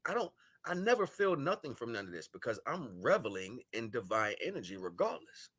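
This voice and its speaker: A man on a livestream giving a spiritual monologue, shifting between solemn murmurs, loud scolding and slangy, laughing chat with viewers. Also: medium pitch, sing-song, brisk, hardly any pauses. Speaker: live stream host. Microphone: live stream microphone.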